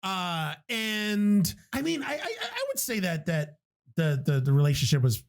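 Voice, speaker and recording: A man's voice: high-pitched, a little slow. A man co-hosting a podcast, telling stories in casual chat, swearing freely and laughing often. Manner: animated storyteller, swears a lot, laughs often. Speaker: podcast co-host.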